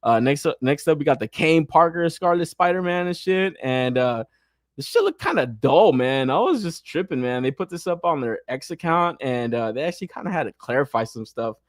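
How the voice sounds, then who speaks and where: A man's voice: on the high side, a little fast, dry recording, clean studio sound. A young man hosting a toy collecting podcast in casual, profane chat, often laughing and ranting. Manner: profane, animated, frequent laughter.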